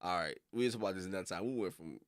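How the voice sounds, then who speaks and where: A man's voice: sits low, very fast, clear, resonant tone, no room sound, studio quality. A young man rambling casually on a livestream, full of slang and frequent laughter. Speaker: reaction streamer.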